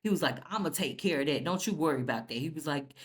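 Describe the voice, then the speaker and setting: Woman doing a casual tv recap, aave, lower voice, acts out the lines, cusses a lot. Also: fast talker. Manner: animated storytelling, acts out characters' lines, swears freely. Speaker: TV recap host.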